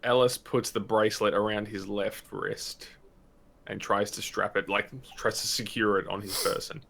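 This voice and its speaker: A man with a lowish voice plays a tabletop game with friends. He chats easily and drops quick asides. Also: little pitch movement, vocal fry, fairly bright tone. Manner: chatty, quick asides and laughs. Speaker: player. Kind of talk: casual tabletop play.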